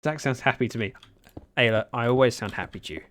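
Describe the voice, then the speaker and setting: A man from Britain keeps up casual chat while gaming live, voicing viewer messages with dry, self-mocking wit. He talks fast in a mid-range, fairly bright voice, with slight background noise present.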